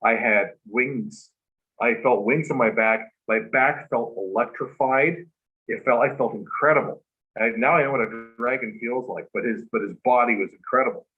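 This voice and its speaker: A man's voice: medium pitch, normal speed, phone-quality sound. Earnest man telling a rambling story. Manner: earnest, rambling, heavy with "like" and "you know". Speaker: talk show guest.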